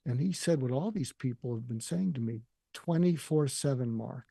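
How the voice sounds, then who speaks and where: An older man telling a deeply personal story in an earnest, emotional way, often quoting what others said to him. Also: animated, normal speed, gravelly, warm tone, breathy edge, no echo, clean studio sound. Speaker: guest.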